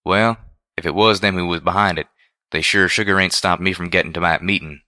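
A man's voice: low-pitched, steady tone, brisk, sharp tone, no room sound, studio quality. A man reading a storybook voices a caring but stubborn farm-pony mare who speaks in a folksy country dialect. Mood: insistent.

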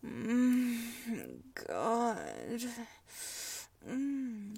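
A woman in an intimate whispered role-play, breathy and drifting between hushed whispers and soft moans. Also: on the high side, big pitch swings, drawn-out words, pauses often, dry recording, recorded from a distance. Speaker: audio role-play performer.

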